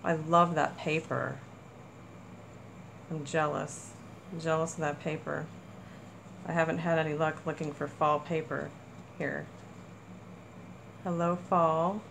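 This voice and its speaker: Slow-talking excited crafting woman. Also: deep voice, gravelly, a little hiss or hum, poor audio. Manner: gushing, excited over small crafting items. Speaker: crafting channel host. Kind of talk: casual haul chat to camera.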